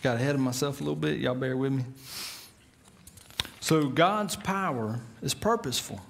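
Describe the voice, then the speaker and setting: A middle-aged man preaching a sermon as pastor, telling the story with lively put-on voices and chuckles. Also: mid-range voice, normal speed, gravelly. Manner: animated storytelling, acts out voices with laughs.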